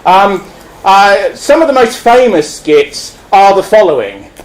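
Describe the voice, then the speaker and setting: A man giving a public speech, animated, acting out scenes and laughing. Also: high-pitched, unhurried, reverberant, rough recording. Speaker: speaker.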